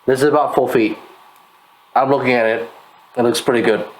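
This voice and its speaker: A drunk man co-hosting a casual chat, tipsy and loud, swearing freely. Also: mid-range voice, fairly even intonation, brisk, rough recording. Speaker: co-host reviewing painted miniatures.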